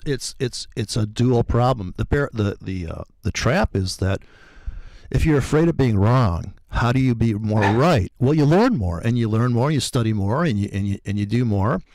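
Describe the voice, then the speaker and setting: A man's voice: mid-range voice, expressive, normal speed, darkish tone, no echo. A man talking about trading in a heated, profane rant that mocks other traders. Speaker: trader co-host. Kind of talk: animated trading talk.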